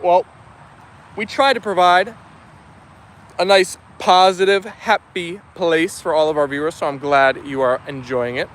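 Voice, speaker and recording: High-voiced man hosting a dog livestream. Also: steady tone, measured pace, fairly bright tone. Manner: reads viewer comments aloud, friendly. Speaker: dog channel livestream host. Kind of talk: casual live-chat reading. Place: outdoors with dogs.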